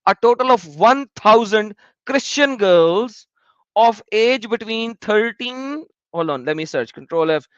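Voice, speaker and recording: A man's voice: high voice, lively intonation, measured pace, no room sound, lo-fi sound. A man giving emphatic, repetitive, indignant commentary on a video blog while reading out search results. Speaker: vlogger.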